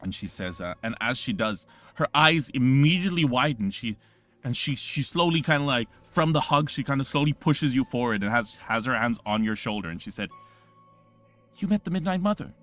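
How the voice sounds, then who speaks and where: A man narrating a tabletop game as game master, rambling and halting with many restarts. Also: mid-range voice, lively intonation, a bit bright, faint music behind.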